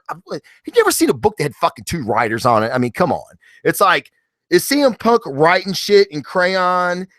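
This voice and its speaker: A married man reviewing comic books in a casual, profane monologue, acting out characters in quick asides. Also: on the high side, dry recording, clean studio sound. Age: adult, married. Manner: animated, swears freely, acts out characters in quick asides.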